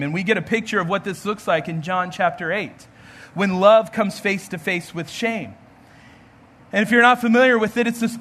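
A man's voice: high voice, a bit bright. A man, a pastor, giving an earnest storytelling sermon and acting out the voices in the story.

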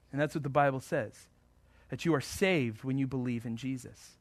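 A man preaching a sermon as a pastor, moving between quiet, tender passages and fervent, rising appeals. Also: mid-range voice, normal speed, no echo, studio quality. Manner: emphatic preaching that swings between hushed and fervent.

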